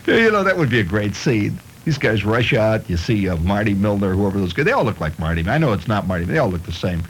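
A man's voice: fairly low pitch, sing-song, fast, slight background noise, poor audio. A middle-aged man hosting a radio show, reading odd news stories aloud and spinning them into playful comic tales. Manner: playful storytelling with chuckles. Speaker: radio host.

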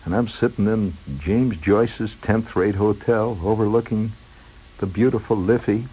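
Husky-voiced man spinning a wry yarn. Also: on the low side, fairly even intonation, measured pace, warm tone, low-quality recording. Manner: digressive and wry, with chuckles. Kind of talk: rambling storytelling monologue.

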